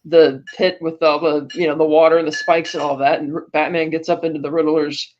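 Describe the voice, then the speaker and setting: A woman's voice: low-pitched, little pitch movement, fairly quick, darkish tone. A woman co-hosting a podcast, recapping a film in a rambling, chatty way with lots of fillers and small laughs. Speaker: podcast co-host. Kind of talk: casual film recap chat. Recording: dull lo-fi podcast audio.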